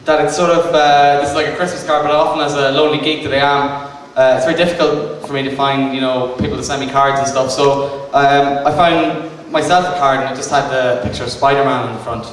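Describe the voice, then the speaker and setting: A man's voice: mid-range voice, fairly even intonation, a little fast, few pauses. A man giving a comic lecture to a live audience, hesitant and self-mocking, full of ums and restarts. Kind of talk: stand-up style comic lecture. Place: arts centre venue with live audience. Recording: echoey hall recorded from far off, noisy.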